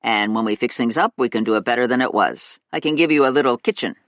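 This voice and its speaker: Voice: medium pitch, quick pace, a bit bright, natural voice. A narrator voicing an easygoing middle-aged handyman in an audiobook, plain and matter-of-fact.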